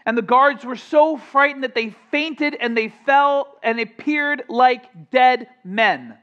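A man preaching a sermon as pastor, animated and conversational, with asides and acted-out quotes. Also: very high voice, takes it slowly, lo-fi sound.

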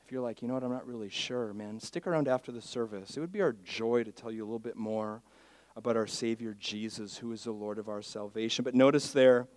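A male pastor from Miami, Florida preaches briskly in a voice on the low side, the recording dry. He swings from quiet asides to loud, emphatic declarations and leads the congregation in call-and-response.

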